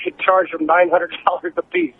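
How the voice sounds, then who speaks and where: A man's voice: high-pitched, sing-song, normal speed, slightly rough. A man calling into a radio show, blunt and matter-of-fact, swearing casually. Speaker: caller. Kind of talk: phone-in call. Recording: tinny phone line with faint noise.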